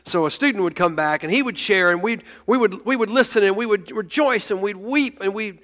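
High-voiced preacher in reverberant hall. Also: male voice, a little fast. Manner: animated, laughing storyteller with stumbling restarts. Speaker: pastor. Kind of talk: storytelling sermon.

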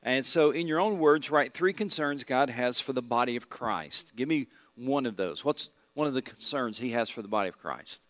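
A middle-aged man leads a church Bible class. He quizzes the group and says each key point twice. His voice sits at an ordinary pitch, and the sound is dry and close, with little room echo. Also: lively intonation, normal speed, hardly any pauses, fairly bright tone. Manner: asks the class questions and repeats key points. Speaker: Bible study teacher. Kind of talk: teaching an evening church class.

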